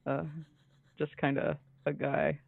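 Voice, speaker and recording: A playful, halting woman chatting over a tinny, phone-like line, her pitch bouncing around a lot. She stumbles over her words and laughs often while riffing on ideas. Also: very animated, gravelly. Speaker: podcast co-host. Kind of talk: casual brainstorming chat. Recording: tinny phone-like call audio.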